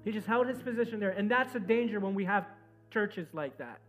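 High-voiced preaching man with music behind. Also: expressive, brisk. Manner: preaching with swings from loud and urgent to soft and low. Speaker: pastor. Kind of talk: sermon.

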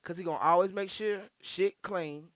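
A middle-aged woman, a guest poet, telling stories in casual podcast chat, animated, blunt and freely profane. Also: on the low side, normal speed, no room sound.

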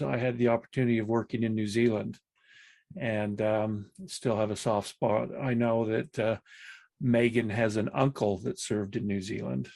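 A man in his sixties with a gravelly, creaky voice introduces himself to a panel over a video call. He talks in a relaxed, unhurried way. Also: mid-range voice. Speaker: panel guest. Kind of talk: casual self-introduction.

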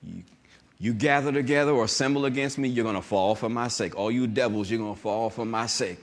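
Preaching with energy in a mid-range voice, a pastor emphasizes scripture as he reads it slowly. Between readings he throws call-and-response remarks out to the congregation.

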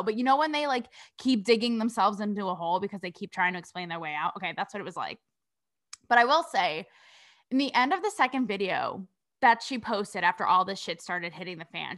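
Pushed and bright at medium pitch, a young Connecticut woman runs her podcast as a casual commentary monologue. She swears a lot, asks rhetorical questions, and keeps things blunt and sassy.

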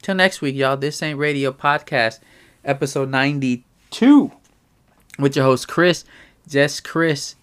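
A man's voice: mid-range voice, unhurried, fairly bright tone, clean tone. A man hosting his own podcast, ranting bluntly and profanely in a rambling solo monologue aimed straight at his listeners. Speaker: podcast host. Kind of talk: casual solo podcast rant.

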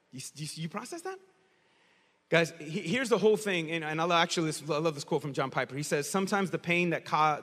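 A bright, high-voiced male pastor preaching with lively storytelling energy and bursts of shouting. His voice rings out with a long hall reverb around it. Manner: animated storytelling, shouts in places. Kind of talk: sermon.

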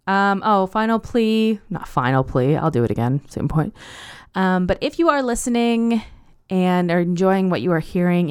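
A young woman hosts her podcast alone, talking in a loose, rambling way and gushing over what she loves. Her voice sits a little low for a woman and sounds clean and smooth. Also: darkish tone. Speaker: podcast host. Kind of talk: casual podcast monologue.

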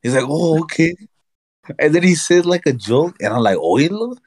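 A podcast co-host whose first language is Spanish speaks in a slightly high voice at normal speed, with no echo. On this casual chat show he's an animated storyteller, acting out conversations and laughing often.

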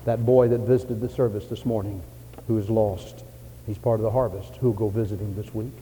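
A man preaching a sermon in a church, in an old-fashioned revival cadence, rising to loud fervent cries and dropping to soft pleas. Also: on the low side, steady tone, brisk, in a large hall, slight background noise, poor audio. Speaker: pastor. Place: church sanctuary.

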